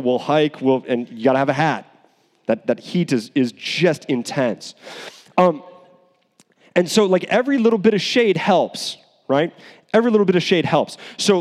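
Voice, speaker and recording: A man preaching a sermon in an animated, conversational way, with asides and restarts. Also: a little high, in a large hall. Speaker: pastor.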